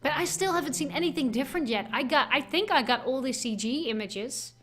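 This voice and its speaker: A woman's voice: high-pitched, animated, a little fast, fairly bright tone. A young woman hosting a let's play, chatting casually and rambling, often restarting her sentences. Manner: chatty, rambling, self-interrupting. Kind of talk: casual game commentary.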